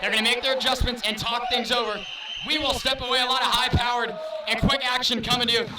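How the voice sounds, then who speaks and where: High-voiced man calling volleyball over a roaring crowd. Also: level tone. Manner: rapid, raised play-by-play calling. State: losing his voice. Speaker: play-by-play announcer. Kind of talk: live sports commentary. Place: school gym broadcast booth. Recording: distant mic, loud crowd noise. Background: loud cheering crowd.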